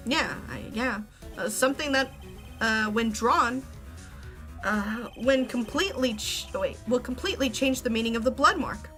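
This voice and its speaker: A woman's voice: fairly high pitch, moderate pace, bright, forceful tone, faint music behind. A woman voicing a nervous young male defense lawyer, reading game dialogue aloud with hesitant, stumbling lines. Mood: unsure.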